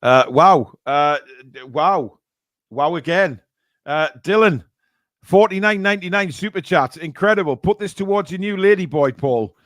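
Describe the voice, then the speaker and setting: Expressive and high-pitched with a fairly bright tone, a man hosts a charity live stream at a moderate pace. Reading donations and super chats, he laughs at cheeky comments and plays up mock outrage in a casual chat with no room sound.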